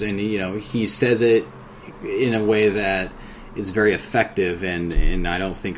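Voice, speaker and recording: A man co-hosting a casual podcast, giving thoughtful, measured opinions. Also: sits low, steady tone, slight background noise. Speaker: podcast co-host.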